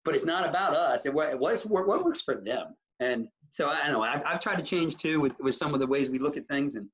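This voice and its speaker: A man, a high school basketball coach, talking animatedly in a casual interview, rambling with many restarts. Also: a little fast. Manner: animated, rambling, full of restarts and self-quotes. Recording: slightly muffled audio.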